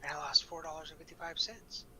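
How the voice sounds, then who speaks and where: A man's voice: fairly high pitch, steady tone, quick pace, pushed and bright, slight background noise, poor audio. A young man from Montana hosting a casual crypto livestream, rambling and swearing between his friends' jokes. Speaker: livestream host.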